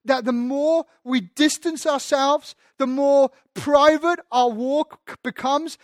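A man's voice: very high voice, no room sound, studio quality. A man preaching a sermon as pastor, candid and self-deprecating, often restarting his sentences.

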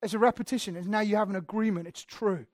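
A woman's voice: mid-range voice, fast, darkish tone, dry recording. A woman preaching a conversational sermon, chatty and emphatic, with frequent ums and repeated words.

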